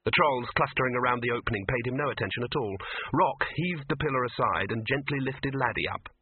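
A man narrating a story in an expressive, animated way. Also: mid-range voice, fairly quick, breathy edge, dry recording. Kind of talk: audiobook reading on radio. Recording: narrow phone-like radio sound, dry.

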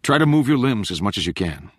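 A man voicing a calm, professional American male medic with an American accent, firm and clinical. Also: fairly low pitch, fast talker, husky, no room sound, studio quality, heavily acted.

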